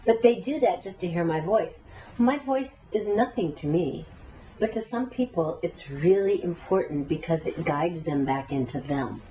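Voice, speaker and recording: A woman teacher with a low, mellow voice gives an earnest, talkative lesson and leads breathing exercises. She sits some way back from the microphone, and a faint ambience hangs behind her. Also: moderate pace, recorded from a distance, low-quality recording. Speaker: meditation teacher. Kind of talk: spoken teaching to a class.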